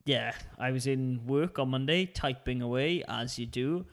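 A podcast co-host with a mid-range voice and an unhurried pace tells a long story during casual chat. He's chatty and self-mocking.

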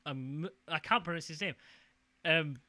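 Man, bright tense voice, animated podcast banter, dry close sound. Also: a little high, dry recording. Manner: animated, quick to jump in. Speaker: podcast co-host. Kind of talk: casual chat.

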